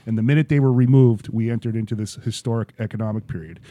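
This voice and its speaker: A man appearing as a guest on a podcast, in casual political chat, laying out his arguments step by step in a measured, lecturing way. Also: lowish voice, steady tone, mellow, dry recording.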